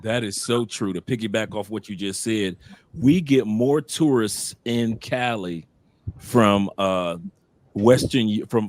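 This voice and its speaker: A man hosting a casual chat, telling stories in a lively way and often restarting with repeated words. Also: medium pitch, no room sound. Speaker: podcast host living abroad.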